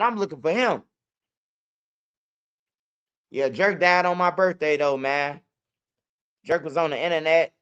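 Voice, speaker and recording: A man's voice: fairly high pitch, fairly bright tone, clean tone. A young man with a Chicago accent telling street stories in loose, profane casual talk. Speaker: interviewee. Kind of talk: casual storytelling.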